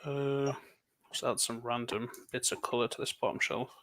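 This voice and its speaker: A man's voice: medium pitch, steady tone, background noise. A man from England with an English accent, chatting and rambling casually while building LEGO on a livestream. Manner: chatty, rambling, quick laughs. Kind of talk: casual chat.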